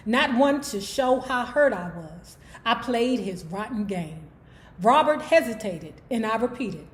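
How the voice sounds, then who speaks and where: A woman's voice: on the high side, lively intonation, a little slow. A woman hosting an online book club, reading a memoir aloud and breaking off for sassy, profane commentary to her viewers.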